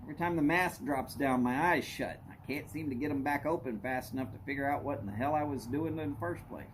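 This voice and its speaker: A man's voice: medium pitch, fast, a little hiss or hum. A middle-aged man hosting a live stream, chatting casually and telling rambling jokes and stories. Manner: rambling, joking storyteller.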